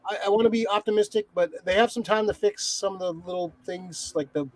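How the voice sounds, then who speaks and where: Podcast co-host, male, higher-pitched, rambling and swearing, dry close mic. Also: quick pace, dry recording. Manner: rambling, swears a lot, many restarts. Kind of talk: casual chat.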